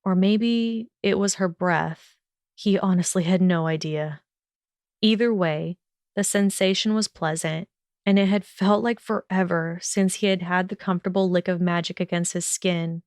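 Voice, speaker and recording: A woman narrating a fan-fiction audiobook for her podcast with steady storytelling delivery. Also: on the low side, unhurried, dry recording, clean studio sound.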